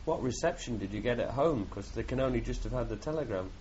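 Quick-speaking male interviewer. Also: medium pitch, animated, darkish tone. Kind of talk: oral history interview. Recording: dull lo-fi tape with faint hiss.

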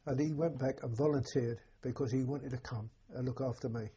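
An elderly man recalling his war years, halting and repeating words as emotion rises. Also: medium pitch, steady tone, mellow, husky. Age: older. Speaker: war veteran interviewee. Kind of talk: personal recollection. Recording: dull lo-fi recording.

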